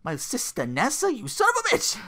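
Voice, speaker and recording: A man's voice: big pitch swings, quick pace, heavily acted. A man doing a shrieking, hot-headed brawler. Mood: outraged. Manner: yelling in a high squeal.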